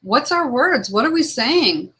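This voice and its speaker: A woman runs an online talk show as a law of attraction trainer, reading quotes aloud in an earnest, heartfelt manner. Her high voice is very animated, a little slow, bright and forceful. The low-quality audio comes from a webcam video call setup.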